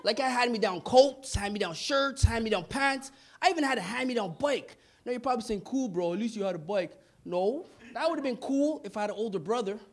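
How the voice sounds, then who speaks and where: A man from Montreal performing a stand-up comedy routine on a club stage, punchy and animated, slipping into voices. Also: extremely high pitch, a little fast, few pauses. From Montreal, Canada. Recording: noisy live club recording.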